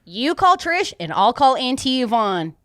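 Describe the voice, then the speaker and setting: A woman's voice: high-pitched, very animated, a little slow, no echo, studio quality. A woman playing a brash, blunt twelve-year-old boy who rambles through cheeky stories on an improvised comedy podcast. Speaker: podcast host in character.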